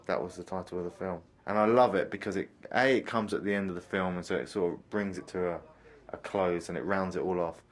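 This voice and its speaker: A man with a notably low voice gives a commentary on a film he made. He speaks thoughtfully and often pauses to search for the right words. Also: steady tone. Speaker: filmmaker giving a commentary track. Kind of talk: reflective commentary.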